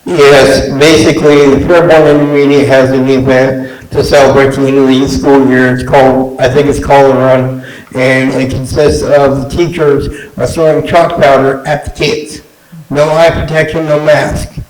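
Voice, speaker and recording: A man's voice: mid-range voice, flat delivery, normal speed. A man speaking from the floor during public comment, raising a plain-spoken concern. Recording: echoey room with crowd noise.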